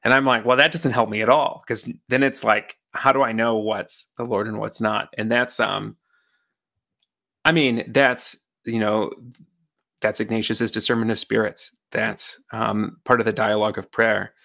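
A man's voice: fairly low pitch, steady tone, moderate pace, gravelly, bright, forceful tone. A man co-hosting a faith podcast, reflecting in casual conversation and thinking aloud with many fillers. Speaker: podcast co-host.

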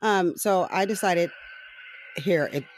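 A man's voice: sits high, slow, music in the background. A man hosting his own podcast, ranting casually with lots of swearing and sarcasm, often breaking into laughs and rambling with fillers. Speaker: podcast host. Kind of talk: casual solo political rant.

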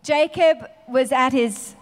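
High-voiced woman preaching informally. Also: slow pace. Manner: conversational, with many fillers. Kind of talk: sermon.

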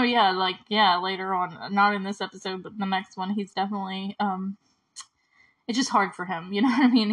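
A woman's voice: mid-range voice, fairly bright tone, rough recording. A young adult woman hosting a casual recap podcast, talking in a chatty, emotional way and using "like" often. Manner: chatty and emotional, heavy use of "like". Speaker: show host recapping a TV episode.

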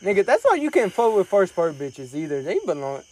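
A man's voice: high voice, big pitch swings, fairly quick, warm tone. A brash young man talking casually outdoors at night, boastful and full of slang and profanity. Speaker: friend in a casual group chat. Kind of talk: casual chat.

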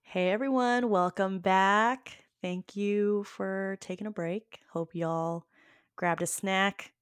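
A woman's voice: mid-range voice, fairly even intonation, slow pace, smooth, no echo. A woman hosting a podcast, chatting casually with lots of fillers and easy laughs. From Filipino family. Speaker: podcast host.

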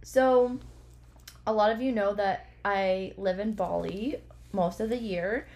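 Chatty hoarse woman podcast host. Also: mid-range voice, takes it slowly, a little mellow. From Canada. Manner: chatty and upbeat, laughs easily. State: hoarse, losing her voice. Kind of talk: casual chat.

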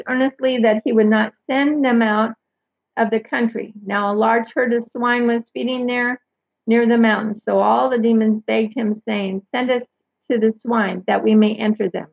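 A woman reading Bible passages aloud and commenting, carefully pausing to clarify who each pronoun means. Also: fairly high pitch, steady tone, gravelly, breathy edge, dry recording. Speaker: Bible teacher. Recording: dull lo-fi sound.

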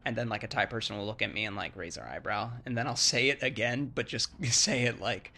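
This man's voice is on the low side, gravelly yet bright and forceful, and he talks fairly quickly. An English-speaking foreigner, he rambles through a casual explanation of Thai sounds, full of "like"s and restarts, acting out words as demonstrations.

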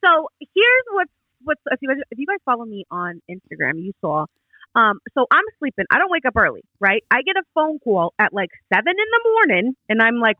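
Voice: medium pitch, big pitch swings, fast, dry recording, narrow, tinny audio. A podcast co-host telling a story in casual chat, swearing and laughing easily.

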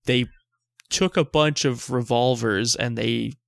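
A man co-hosting a casual comedy podcast, talking slowly with a gravelly voice and laughing often. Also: medium pitch, steady tone, no echo, studio quality. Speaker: podcast co-host.

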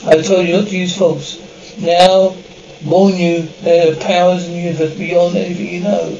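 An actor playing a commanding alien being, speaking in solemn, halting pronouncements on a dull, distant old TV soundtrack. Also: male voice, high-pitched, flat delivery, gravelly, darkish tone, echoey room, slight background noise. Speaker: alien visitor.

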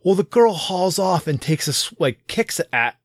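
A man who coaches youth soccer, chatting casually on a podcast and telling stories with lively ups and downs. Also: high voice, moderate pace, no room sound, clean studio sound. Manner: animated storytelling, often gets loud.

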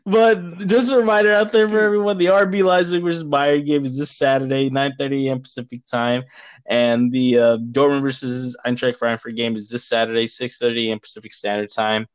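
Male podcast host, mid-pitched, dry close sound; casual, laughs often, says "bro". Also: flat delivery, fairly quick, clear, resonant tone, no room sound. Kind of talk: casual soccer preview chat.

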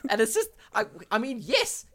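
A man's voice: extremely high pitch, moderate pace. Young guy gushing about games on a podcast, rambles with lots of likes and ums. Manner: excitable, rambling, lots of fillers and restarts. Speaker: podcast co-host. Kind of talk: casual chat.

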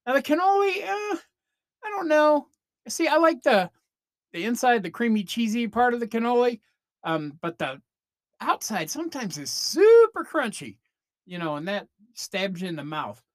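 A man's voice: extremely high pitch, sing-song, moderate pace, dry recording. A man hosting a comedy podcast, delivering a rambling, self-interrupting rant into a close mic, breaking off mid-sentence and slipping into mock voices. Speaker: podcast host. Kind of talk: comedic monologue.

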